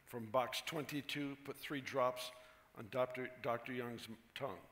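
A man's voice: mid-range voice, normal speed, a bit bright, in a large hall, close to an everyday voice. A man voicing a sly old retired farmer who poses as a doctor, delivering lines smugly in a told joke.

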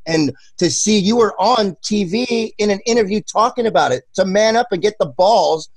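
A man chatting casually on a podcast, telling loose, profane stories and putting on loud voices now and then. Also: high-pitched, normal speed, no room sound. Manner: loose, profane storytelling with loud put-on bits. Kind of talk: casual chat.

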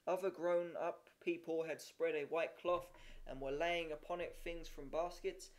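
A man's voice: on the high side, fairly even intonation, a little slow. A man reading a story aloud, with occasional slips and restarts. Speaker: reader. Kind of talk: amateur audiobook reading.

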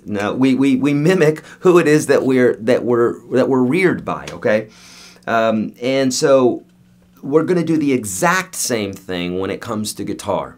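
A man giving a casual guitar lesson, chatty and joking, with animated asides. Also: mid-range voice. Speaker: guitar teacher.

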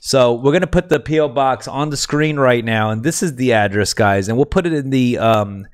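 A man's voice: mid-range voice, moderate pace, clear, resonant tone. A man hosting a casual podcast chat, talking loosely to the viewers and his co-hosts. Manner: loose, rambling, addresses viewers as "guys". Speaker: podcast host.

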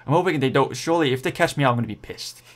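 Talking rapid-fire in a mid-range voice, a young man who hosts a gaming channel excitedly commentates his play as it happens. Unscripted and casual, he begs rivals, groans when things go wrong and roots for his riders.

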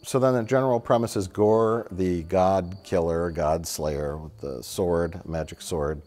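A man's voice: deep voice, steady tone, unhurried, darkish tone, faint music behind. A man co-hosting a film review show, talking in a rambling casual way with fillers and swearing. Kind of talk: casual chat.

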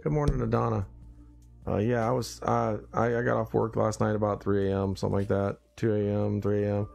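A man's voice: on the low side, little pitch movement, brisk, gravelly, darkish tone, faint music behind. A man hosting a casual morning live stream, tired and groggy after little sleep, rambling along and greeting his viewers by name.

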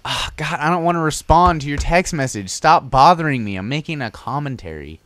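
A man's voice: on the low side, lively intonation, moderate pace, fairly bright tone, no echo. A young man giving casual, rambling gameplay commentary, joking and crude as he plays. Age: young adult.

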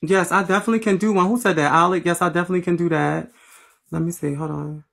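A Philadelphia woman hosts a casual late-night livestream on a phone app, sassy and playful, tossing out slangy, profane banter while thanking viewers. Her lowish voice is steady, quick, creaky and a bit bright.

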